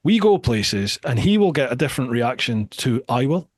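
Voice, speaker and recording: A Scottish man hosts a relaxed podcast conversation and tells his stories with lively energy, often repeating his words for emphasis. His voice sits in a middle range and is recorded close on the mic, so it sounds very dry and free of room echo. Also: mid-range voice, moderate pace. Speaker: podcast host. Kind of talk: casual podcast chat.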